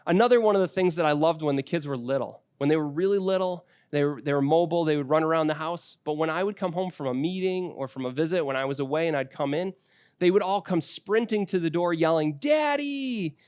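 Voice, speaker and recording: Male pastor, forties, sermon, casual family anecdotes, fairly high voice. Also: fast, darkish tone, clear, resonant tone, no room sound, clean studio sound. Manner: conversational storytelling with personal anecdotes.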